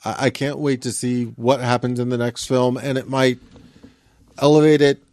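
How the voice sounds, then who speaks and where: A man co-hosting a podcast in casual chat, talking in a thoughtful, measured way. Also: medium pitch, level tone, darkish tone, no room sound. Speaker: podcast co-host.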